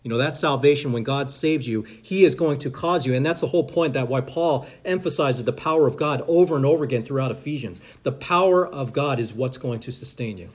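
Man leading Bible study, mid pitch, reads verses, stop-start explaining. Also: slightly rough. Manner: reads scripture aloud, halting with many fillers and restarts.

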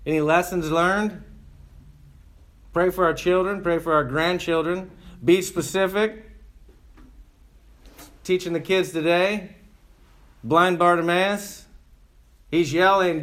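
A man preaching in a relaxed, conversational way, his voice sitting a little higher than most men's. He leans on rhetorical questions and folksy emphasis, talking to the room like friends rather than reading a text. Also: slow pace, pauses often. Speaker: pastor. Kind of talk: conversational sermon.

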